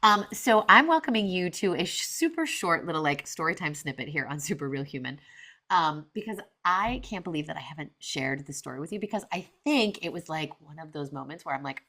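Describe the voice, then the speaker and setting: A woman in her forties hosting a podcast, telling a story in a chatty, animated way with lots of fillers and quoted asides. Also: low-pitched, fairly quick. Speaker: podcast host. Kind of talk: casual storytelling monologue.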